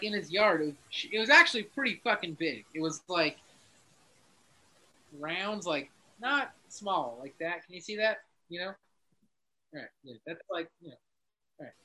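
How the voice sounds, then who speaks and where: A man's voice: sits high, bright, forceful tone. An American man, a guest telling a story in a casual interview, swearing often and laughing between lines. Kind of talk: casual video-call interview.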